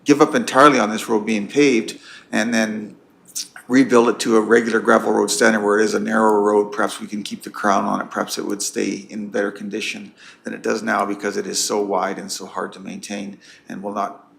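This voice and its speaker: A man speaking as a county councillor in a council meeting debate, blunt and halting, with many restarts. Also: on the low side, level tone, gravelly, a bit bright.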